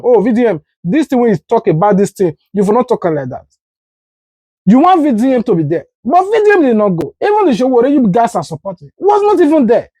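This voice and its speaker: A woman's voice: on the high side, warm tone, no room sound. A Nigerian woman hosting political commentary, speaking in an indignant, rhetorical way. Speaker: commentary host.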